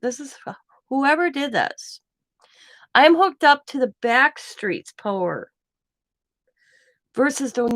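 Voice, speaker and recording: Chatting at home, a middle-aged woman who vlogs about crafts spins stories and performs quoted lines, frequently breaking into laughter partway through sentences. Her voice runs on the high side, and there's no echo.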